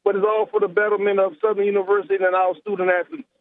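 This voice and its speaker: A man with a South Louisiana accent, a head track coach, talking in a relaxed, rambling way and repeating words in a phone-in interview. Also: sits high, very fast. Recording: tinny phone line.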